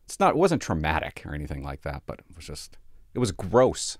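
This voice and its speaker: Blunt, sarcastic cop. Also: male voice, sits low, big pitch swings, fairly quick, no echo, clean studio sound. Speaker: police officer. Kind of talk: casual storytelling vlog. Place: sparse home office.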